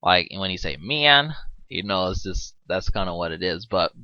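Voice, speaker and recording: Low-voiced guy rambling thru a movie commentary, lots of likes, dull dry lo-fi sound. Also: little pitch movement, fairly quick, sharp tone, no echo. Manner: rambling, full of "like" and restarts, laughs often; swears casually.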